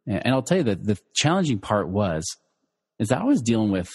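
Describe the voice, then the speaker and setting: This financial educator, a middle-aged man, has a breathy, husky voice that sits somewhat low and swings widely in pitch. He recounts a personal story to listeners at a fairly quick pace, loose and chatty with many fillers and restarts. Long reverb trails behind his speech.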